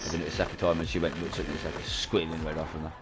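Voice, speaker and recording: A man's voice: very deep voice, flat delivery, racing, very noisy. A man chatting casually and swearing while streaming a game. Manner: swearing, rambling storytelling. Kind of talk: casual chat while gaming.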